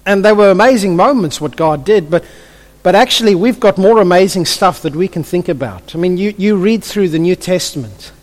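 Expressive and brisk, a high male voice preaches a sermon under long hall reverb. His storytelling is vivid, though he keeps stumbling back to repeat his opening words.

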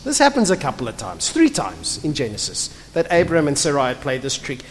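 A pastor delivering a sermon with a lively, swooping delivery that rises and falls, chatty and blunt, often tossing rhetorical questions to the room. The voice carries through a large church hall with a long, lingering reverb. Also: mid-range voice, a little fast, a little hiss or hum. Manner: animated, conversational, asks rhetorical questions; blunt and emphatic.

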